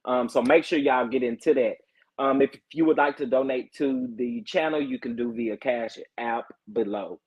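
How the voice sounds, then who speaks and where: A man with a husky, mid-range voice hosts a casual livestream, reading out viewer comments and chatting in an animated way. He laughs a lot and repeats his phrases with drawn-out exclamations, and the audio sounds tinny, like a phone.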